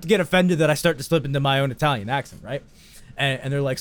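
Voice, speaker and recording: A man hosting a podcast, telling an absurd story in a rambling, profane, deadpan way. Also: mid-range voice, quick pace. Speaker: podcast host. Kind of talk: casual comedic storytelling.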